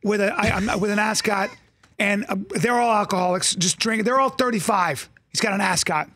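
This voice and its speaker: A man guesting on a talk show, telling animated stories in casual chat and slipping into impressions. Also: sits high, fairly quick, slightly rough, dry recording. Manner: animated storyteller, slips into impressions. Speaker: comedian guest.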